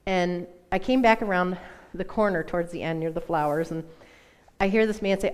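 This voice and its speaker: A woman, around her thirties, giving a personal testimony in a church talk, telling it in a lively, self-mocking way with laughs. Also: fairly low pitch, a little fast, clear, resonant tone. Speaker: church speaker.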